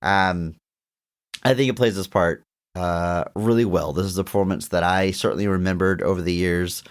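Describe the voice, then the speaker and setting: A man's voice: low voice, steady tone, moderate pace. A young adult man co-hosting a podcast, talking through a movie review in an enthusiastic, rambling way with frequent restarts. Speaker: podcast co-host. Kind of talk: casual movie review chat.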